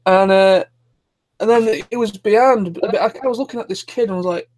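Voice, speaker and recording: A man's voice: high voice, normal speed, a little mellow. A man hosting a live stream, chatting casually and rambling with many restarts. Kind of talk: casual chat.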